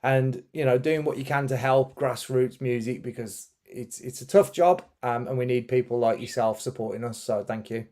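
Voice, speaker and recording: A man's voice: mid-range voice, normal speed, few pauses, dark tone. A man hosting a casual interview, talking in a rambling way with many fillers and restarts. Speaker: podcast host and musician.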